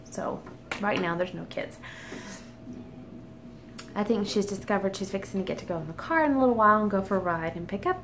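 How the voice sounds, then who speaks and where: A woman's voice: medium pitch, a little hiss or hum. A middle-aged woman teacher talking candidly at home in a casual vlog, chatty with frequent ums. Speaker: teacher and vlogger. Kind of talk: casual personal vlog chat.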